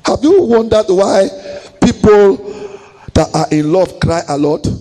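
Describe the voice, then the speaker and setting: A man preaching a sermon as pastor, chanting his phrases, swinging from shouts down to low murmurs. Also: animated, measured pace, a little hiss or hum, poor audio.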